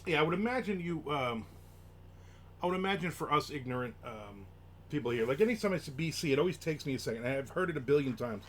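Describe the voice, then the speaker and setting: A man's voice: a little high, lively intonation, fast, a little hiss or hum. A man hosting a casual live stream, chatting and reading viewer comments aloud as he rambles from topic to topic. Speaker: livestream host.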